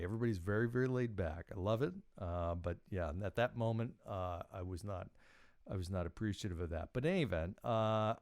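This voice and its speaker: Animated man telling a story. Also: no room sound, clean studio sound. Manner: animated, quotes himself with big pitch jumps. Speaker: podcast host. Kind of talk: casual storytelling monologue.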